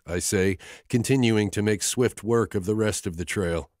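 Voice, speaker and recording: Deep-voiced male romance narrator. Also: moderate pace, few pauses, a little mellow, no echo, clean studio sound. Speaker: audiobook narrator. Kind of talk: scripted first-person romance narration. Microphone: close studio mic.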